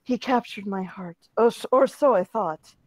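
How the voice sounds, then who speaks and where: A woman's voice: medium pitch, moderate pace, no room sound, rough recording. A woman host giving a playful, dramatic reading of her own comic romance story. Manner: playful, dramatic, breaks into laughter.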